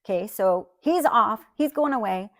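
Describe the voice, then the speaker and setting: A woman's voice: mid-range voice, expressive, moderate pace, a bit bright, no room sound, clean studio sound. Conversational woman Bible teacher. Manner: conversational, frequent "right?" check-ins.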